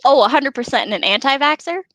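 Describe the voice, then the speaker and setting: A woman's voice: sits high, lively intonation, quick pace, a bit bright, no echo, rough recording. A woman co-hosting a podcast, reading a book aloud and breaking off into giggly, joking chat.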